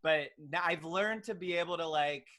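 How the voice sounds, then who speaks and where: A young man who works as a pediatric nurse speaks earnestly as a guest in a casual podcast interview, telling stories packed with ums and likes. His voice is a little high and bright, with a forceful tone and a moderate pace.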